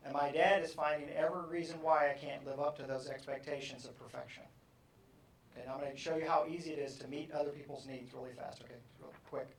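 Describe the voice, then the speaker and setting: Animated man speaking in an echoey hall. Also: fairly high pitch, recorded from a distance, a little hiss or hum. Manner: animated, jokey, acts out characters. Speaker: motivational speaker. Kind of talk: live keynote talk to an audience.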